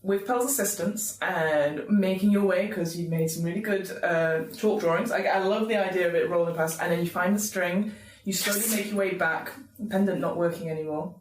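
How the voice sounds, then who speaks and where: A woman narrating as game master of a tabletop game, telling the story slowly and laughing often. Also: fairly low pitch, steady tone, echoey room, recorded from a distance, slight background noise, low-quality recording.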